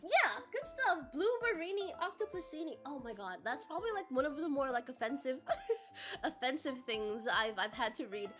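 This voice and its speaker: Bubbly high-pitched woman streamer. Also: lively intonation, moderate pace, fairly bright tone, soft background music. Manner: bubbly, giggly, swears casually, reads chat aloud. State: coming down with a cold. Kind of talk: casual chat with viewers.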